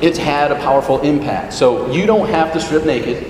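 A man's voice: a little high, normal speed. A man giving a humorous, self-deprecating motivational talk on stage, building up to punchlines. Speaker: motivational speaker. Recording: echoey hall from far off with room noise.

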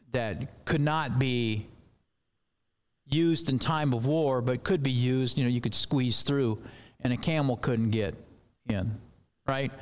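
A man's voice: medium pitch, clear, resonant tone. A man preaching a sermon in a loose, conversational way with rambling asides.

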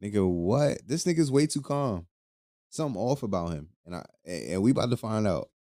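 A man's voice: lowish voice, animated, fairly quick, dark tone, no room sound, studio quality. A young man hosting a casual podcast, talking loosely with lots of profanity and laughing between lines. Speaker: podcast host. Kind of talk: casual solo podcast commentary.

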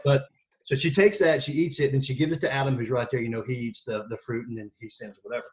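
Joking, energetic man guest. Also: medium pitch, quick pace. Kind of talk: casual podcast conversation.

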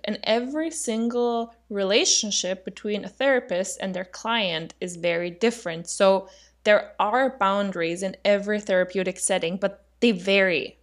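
A woman speaking in conversation at an ordinary mid-range pitch. She explains her points in a measured, thoughtful way and builds her argument step by step.

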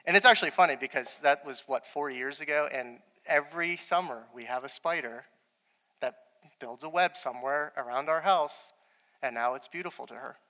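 Animated bright-voiced young preacher. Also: male voice, a little high, moderate pace, in a large hall. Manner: storytelling, animated, quoting his wife in dialogue. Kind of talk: sermon.

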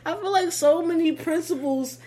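A woman co-hosting a podcast in casual chat, laughing constantly and talking in animated slang. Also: extremely high pitch, normal speed. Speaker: podcast co-host.

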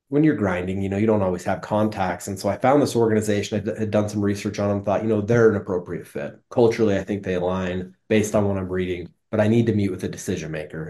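Low, mellow-voiced man telling stories. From Utah, United States. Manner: earnest, conversational, frequent restarts. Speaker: interview guest, business executive. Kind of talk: reflective storytelling.

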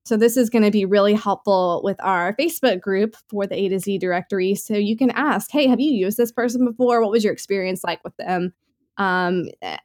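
A woman co-hosting a podcast in casual, easygoing chat. She rambles in an upbeat way and leans on fillers as she talks. Her pitch sits in an ordinary middle range. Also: a little mellow. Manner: chatty, filler-heavy, upbeat. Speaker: podcast co-host.

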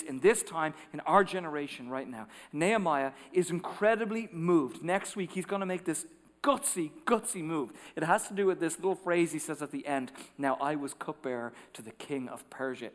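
Male pastor, higher-pitched voice, animated storyteller who drops to hushed asides, sanctuary reverb. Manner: animated storytelling, acting out quotes, swings from loud to hushed. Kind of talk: sermon. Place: large church sanctuary. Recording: long reverb of a large hall.

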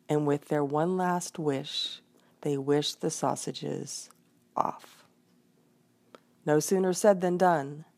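A woman reading a folk tale aloud in an expressive storytelling manner. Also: low-pitched, creaky. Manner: expressive, voices the characters.

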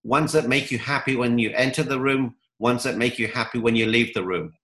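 Bright-voiced motivational man. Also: mid-range voice, fairly even intonation, fairly quick, reverberant, low-quality recording. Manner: upbeat, motivational, tells stories. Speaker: guest, coach. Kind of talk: interview answers.

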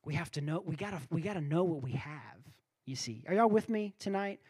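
A man preaching a sermon, telling stories with animated quoted voices and asking the crowd if they're with him. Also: high-pitched, moderate pace, no echo. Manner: animated storytelling, acting out quoted voices, asks the crowd for responses.

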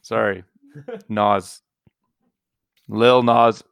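A man's voice: lowish voice, level tone, drawn-out words, vocal fry, clean tone, no room sound. A man co-hosting a casual podcast, talking emphatically and getting worked up over small opinions. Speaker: podcast co-host. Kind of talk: casual chat.

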